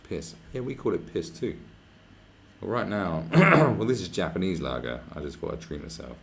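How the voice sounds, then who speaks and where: A man's voice: low voice, very animated, normal speed, creaky, a crowd in the background. A man chatting live on his stream, rambling and swearing freely as he reads out messages from viewers. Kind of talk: casual livestream chat. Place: where he is staying, not his home.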